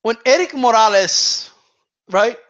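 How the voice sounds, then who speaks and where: Male boxing-stream host, high voice, laughs a lot, slangy and casual. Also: expressive, unhurried, fairly bright tone, highs cut off. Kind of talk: casual chat reading viewer questions.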